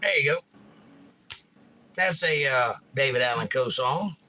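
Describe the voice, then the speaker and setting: A man hosting a relaxed livestream, reading out viewer comments in a laid-back, murmured way with quick bursts. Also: medium pitch. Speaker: livestream host and singer-songwriter. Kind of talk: casual chat reading viewer comments aloud. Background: acoustic guitar playing.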